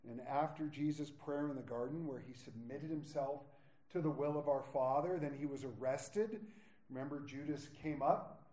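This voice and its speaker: A man's voice: on the high side, roomy sound. A man preaching a sermon, retelling scripture and voicing its characters with growing intensity. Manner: prays softly, then preaches with rising intensity, acting out quoted lines. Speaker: pastor.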